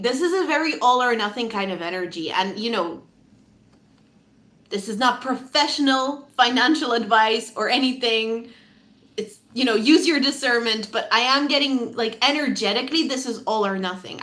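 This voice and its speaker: Bright, lively woman reading tarot. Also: a little high, moderate pace. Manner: animated and chatty, laughs often, swears casually. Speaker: tarot reader. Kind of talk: casual pick-a-card tarot reading.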